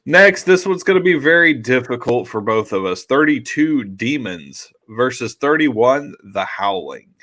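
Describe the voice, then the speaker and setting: A man hosts a loose podcast conversation, reading entries aloud and cursing casually between them. His voice sits at an ordinary middle pitch. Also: very animated, measured pace, few pauses, fairly bright tone. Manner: loose, swearing, reads out list entries. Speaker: podcast host. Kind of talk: casual chat.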